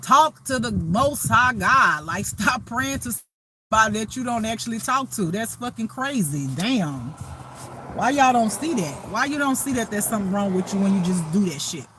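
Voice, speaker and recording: A woman's voice: a little high, animated, normal speed, noisy background. A woman who reads tarot as a spiritual reader, talking to viewers in a blunt, profane, laughing rant. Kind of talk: casual unscripted monologue to viewers.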